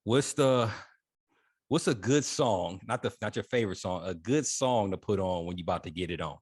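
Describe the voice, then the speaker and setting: A man's voice: lowish voice, lively intonation, moderate pace, breathy edge. A middle-aged man co-hosting a casual podcast chat, talking loosely with lots of "you know" and repeats. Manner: loose, repetitive, filler-heavy storytelling. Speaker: podcast co-host.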